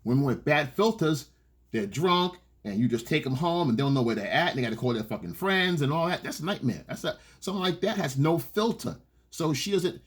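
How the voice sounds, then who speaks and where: A man's voice: fairly high pitch, slightly rough. A man giving blunt, profane dating advice in an unscripted coaching monologue, repeating his points and acting out quoted lines.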